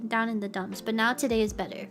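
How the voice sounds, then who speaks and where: A woman's voice: a little high, steady tone, quick pace, music in the background. A young woman hosting a casual livestream chat, bubbly and giggly, with a playful way of talking. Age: young adult. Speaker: streamer host.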